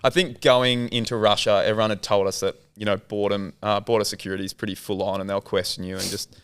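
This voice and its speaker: An Australian man with a lowish, smooth voice chats in a relaxed interview. He tells the story loosely and drops the odd swear word. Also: quick pace. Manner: laid-back, loose, casual swearing. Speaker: filmmaker guest.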